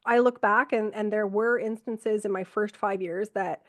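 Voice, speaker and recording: A middle-aged woman, an ER nurse from Canada, telling stories from work in a lively conversational way, acting out what she and others said. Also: medium pitch, normal speed, no room sound. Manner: animated, quotes herself and others, frequent fillers. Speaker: ER nurse, podcast guest. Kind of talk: conversational storytelling.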